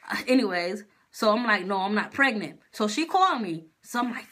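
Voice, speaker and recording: A woman's voice: medium pitch, brisk, hardly any pauses. A young woman telling a personal story to camera in a casual, slangy way. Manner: animated, slangy, talks straight to viewers. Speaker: vlogger.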